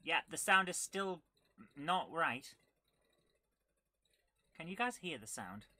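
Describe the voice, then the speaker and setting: A woman hosting a casual retro gaming live stream, chatting with viewers and reacting excitedly while she plays. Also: low-pitched, slow pace, no room sound. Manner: chatty, reads viewer comments aloud, bursts of excitement while playing.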